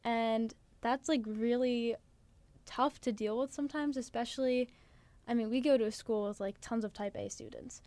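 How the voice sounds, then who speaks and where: A woman's voice: a little high, steady tone, moderate pace, a little mellow, dry recording. A teenage girl from New Jersey co-hosting a podcast, chatting earnestly with lots of "like" fillers. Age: teens. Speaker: podcast co-host. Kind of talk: casual chat.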